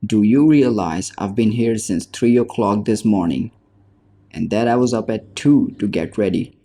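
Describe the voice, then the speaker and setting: Man voicing exhausted woman shop owner, audiobook, low voice, dark tone. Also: moderate pace. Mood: bitter, weary. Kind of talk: audiobook narration.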